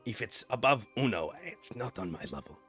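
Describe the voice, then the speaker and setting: Man doing a mumbly deadpan dragonborn dude, low and quiet, kinda far off the mic, faint music behind, tabletop game. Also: fairly quick. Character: dry, laid-back male dragonborn warrior.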